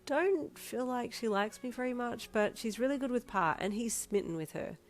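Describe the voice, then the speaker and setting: A woman reading a fan story aloud, voicing a lively, cheeky teenage schoolgirl who talks brightly. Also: on the high side, moderate pace, faint music behind, pitched above the performer's own voice.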